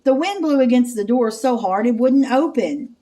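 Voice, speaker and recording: A woman's voice: fairly high pitch, lively intonation, normal speed, mellow. Woman doing a matter-of-fact young woman. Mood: explaining. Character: sensible, calm young woman who explains things.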